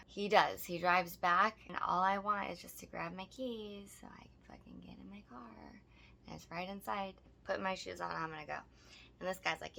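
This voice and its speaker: A woman's voice: lowish voice, steady tone, moderate pace, vocal fry, sharp tone, slight background noise. A woman co-hosting a podcast, telling a story casually with lots of swearing and emphasis. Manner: profane, emphatic retelling. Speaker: podcast co-host.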